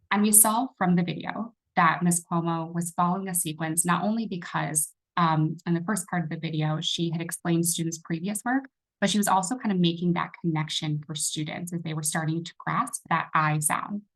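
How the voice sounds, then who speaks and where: A woman runs a teacher training session over a video call. Her voice sits fairly low, and she talks in a relaxed, conversational way, often pausing with fillers and restarting sentences. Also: poor audio. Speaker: workshop facilitator. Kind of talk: online training presentation.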